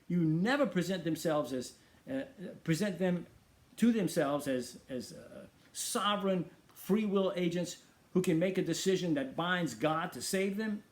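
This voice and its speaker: A man's voice: sits high, animated, a little slow. A middle-aged man hosting a talk show, preaching emphatically and firing off rhetorical questions. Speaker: radio show host. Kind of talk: preaching monologue.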